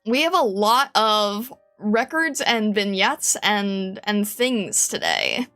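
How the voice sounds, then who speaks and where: A woman's voice: mid-range voice, very animated, slow pace, sharp tone, soft background music. A woman streamer chatting casually with her viewers, giggling often and rambling with many restarts. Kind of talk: casual live-stream chat.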